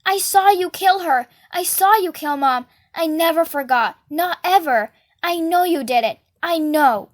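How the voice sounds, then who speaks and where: A woman plays a frightened teenage boy who cries out urgently and desperately. The voice is high and strained. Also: moderate pace, hardly any pauses, no echo, clean studio sound, close to an everyday voice. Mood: desperate shouting. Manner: desperate shouting.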